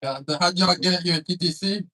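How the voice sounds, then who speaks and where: A man emceeing a comedy club night, bantering with the crowd in a loose, teasing, profane way. His voice sits a bit high for a man. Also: fairly quick, sharp tone, rough recording. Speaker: comedy show host.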